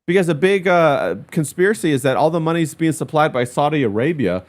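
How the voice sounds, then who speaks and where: A man's voice: fairly high pitch, expressive, fairly quick. A man hosting a casual livestream, reading viewer comments in a loose, chatty way. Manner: loose and chatty, lots of "uh" and "bro". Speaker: stream host.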